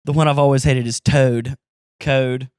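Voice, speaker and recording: A man's voice: fairly high pitch, expressive, brisk, a bit bright, no room sound, studio quality. A man hosting a casual comedy podcast, telling loose, profane stories and laughing often.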